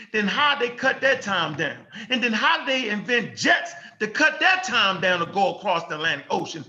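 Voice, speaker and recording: A man argues heatedly in a casual panel debate, stacking rhetorical questions in slangy speech. His voice sits high and very bright, with a sharp edge. The audio is dull and lo-fi.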